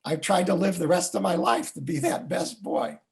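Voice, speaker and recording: An older man and Jewish educator telling a family story in a vivid, animated way. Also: sits high, moderate pace, gravelly. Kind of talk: storytelling talk.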